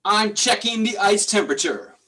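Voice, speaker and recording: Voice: mid-range voice, expressive, moderate pace, pushed and bright. An improv player in an online game, answering in a hesitant way.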